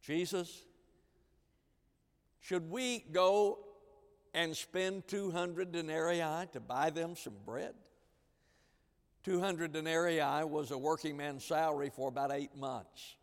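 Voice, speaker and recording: A man's voice: fairly high pitch, steady tone, unhurried. A man preaching a sermon as pastor, retelling scripture and acting out the disciples' words. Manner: preaching with dramatized quotes of disciples. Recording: long reverb of a large hall.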